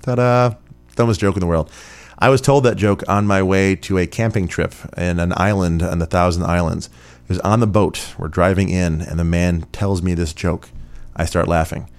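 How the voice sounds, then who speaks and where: Faint music plays behind a low-pitched man speaking at normal speed with fairly even intonation. He's a podcast host from Rochester, New York, answering listener questions in a casual, rambling, chatty way full of fillers.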